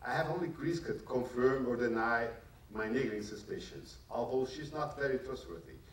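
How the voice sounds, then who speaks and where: A man reads his novel aloud, taking care over each line because English is not his first language. His voice sits at an ordinary pitch and reaches the mic from across a large, echoing hall. A faint hiss runs under the reading. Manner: careful, measured reading in a second language. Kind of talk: reading prose aloud to a live audience. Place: large library hall at a public event. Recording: echoey hall, distant mic, faint noise.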